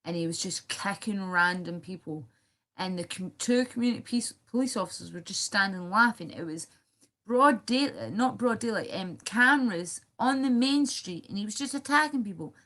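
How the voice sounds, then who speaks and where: A woman's voice: mid-range voice, expressive, moderate pace, bright, forceful tone. Scottish woman chatting to her live stream chat, rambly and sweary, talks right to viewers. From Scotland. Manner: rambling, swears a lot, addresses viewers directly.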